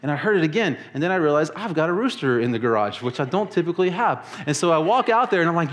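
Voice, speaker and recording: Pastor guy telling a bible story, kinda high voice, punchy and animated, acts out the lines. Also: fast talker, hardly any pauses. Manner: lively and emphatic, acts out the quoted lines. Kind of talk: storytelling sermon to a congregation. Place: church service in a large hall.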